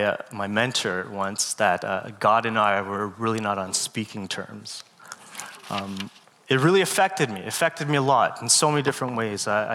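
A man giving a guest sermon, telling a personal story in an earnest, halting way with many fillers, close to tears. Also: lowish voice. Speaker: guest speaker. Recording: long hall reverb with loud music.

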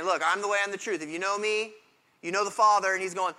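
A man's voice: high voice, fairly even intonation, quick pace, sharp tone. A man preaching a sermon, emphatic and casual, repeating words as he builds a point and slipping into slang. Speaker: pastor.

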